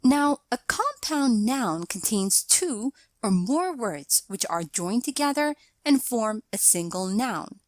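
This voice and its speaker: Woman grammar teacher for a scripted lesson, slow and measured, bright-ish higher voice, dry close sound. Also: big pitch swings, dry recording. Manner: measured, explanatory delivery reading out example sentences.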